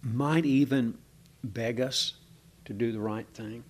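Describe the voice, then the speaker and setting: A man teaching a Bible passage in a relaxed, conversational way, often pausing with fillers and asking his listeners questions. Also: mid-range voice. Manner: conversational, asks the room questions, hesitant with many fillers. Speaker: preacher. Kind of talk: informal Bible teaching to a small congregation.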